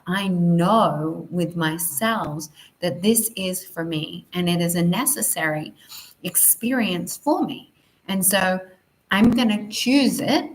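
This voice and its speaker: A woman teaching a spiritual lesson in a soft, flowing, affirming way, with gentle emphasis. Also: lowish voice, rough recording.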